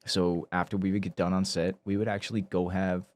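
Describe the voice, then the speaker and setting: A man in his thirties, a guest actor, telling animated stories in a casual podcast chat. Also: sits low, brisk. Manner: animated storyteller who acts out quoted people.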